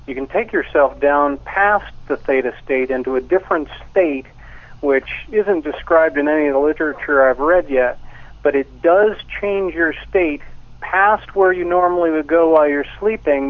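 Deliberate male caller on the phone. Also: on the high side, no room sound. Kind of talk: casual phone conversation. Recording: narrow telephone line.

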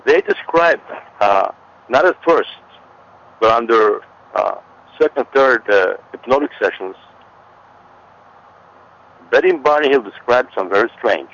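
A man's voice: medium pitch, lively intonation, unhurried, pauses often, a bit bright. A man who is a guest on an interview show, explaining at length in an emphatic way and repeating warnings. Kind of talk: conversational explanation. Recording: dull lo-fi audio.

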